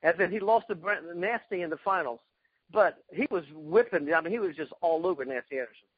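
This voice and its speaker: A man being interviewed, telling excited stories about past fights and acting out quotes. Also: a little high, fairly quick, breathy edge, no echo, lo-fi sound. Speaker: guest, karate fighter. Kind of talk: animated storytelling interview.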